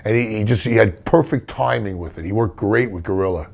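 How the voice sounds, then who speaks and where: A man's voice: fairly low pitch, a little fast, creaky, darkish tone. A middle-aged man, a wrestler telling rambling stories full of restarts in a casual interview. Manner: rambling anecdotes with many restarts. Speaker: wrestler guest.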